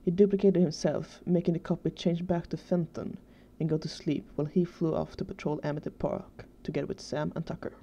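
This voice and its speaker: A woman reading a fan story aloud in steady, even narration. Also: deep voice, brisk, hardly any pauses, breathy edge, highs cut off. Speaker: fanfiction reader.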